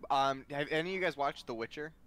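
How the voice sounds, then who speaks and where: A man's voice: on the high side, quick pace, fairly bright tone. A man playing in a tabletop game, talking casually in a rambling, hesitant way with many restarts. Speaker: player.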